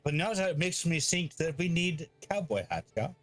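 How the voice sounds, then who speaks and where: A man's voice: on the high side, animated, normal speed, a bit bright, soft background music. Rambling, joking man at a game table. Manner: rambling, joking, laughs along. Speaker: player. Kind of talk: in-character tabletop play.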